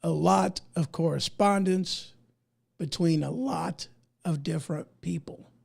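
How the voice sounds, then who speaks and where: A man's voice: fairly high pitch, a little slow, gravelly, darkish tone, husky. A man from the United States who is losing his voice, giving emphatic, indignant opinion commentary as a podcast host and reading articles aloud in a folksy way.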